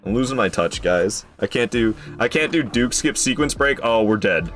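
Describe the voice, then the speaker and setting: A man's voice: fairly low pitch, lively intonation, moderate pace, music in the background. Frustrated young man streaming a game. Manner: frustrated, chatty, swears often; talks to chat. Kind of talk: live gameplay commentary.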